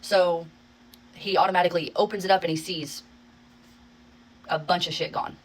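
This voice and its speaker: A woman telling a story to her phone in a casual vlog, in a rapid, exasperated retelling full of swearing. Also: lowish voice, fairly even intonation, low-quality recording. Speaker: social media creator.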